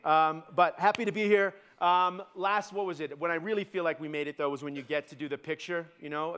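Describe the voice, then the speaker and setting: A man runs a live cooking demonstration, his speaking voice sitting somewhat high for a man. He rambles in a loose, self-mocking way, filling gaps with "like" and "right?" as he checks in with the crowd. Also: a bit bright, clear, resonant tone. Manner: joking, self-deprecating, filler-heavy with "like" and "right?". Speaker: celebrity chef giving a cooking demo. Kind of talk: live cooking demo with stand-up banter. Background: live audience.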